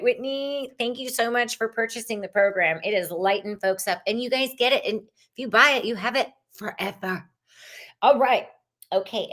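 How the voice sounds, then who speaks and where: A woman hosting a live tarot reading stream, chatty and expressive, greeting viewers in the chat and laughing often. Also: fairly high pitch.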